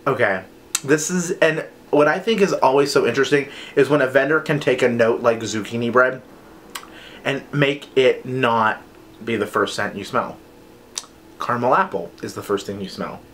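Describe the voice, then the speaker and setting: A man's voice: mid-range voice, moderate pace, a bit bright, slight background noise. A man chatting enthusiastically and playfully as he reviews scented wax melts in a casual haul video.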